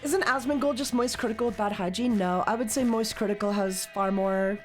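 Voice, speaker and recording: A woman streamer chatting casually while she plays a game, joking and swearing, and now and then bursting into loud mock rants. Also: mid-range voice, fairly quick, faint music behind.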